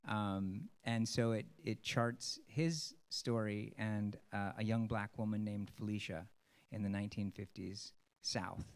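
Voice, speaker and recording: A man, a stage actor, giving an earnest, rambling personal talk to an audience, with many pauses and ums. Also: on the low side.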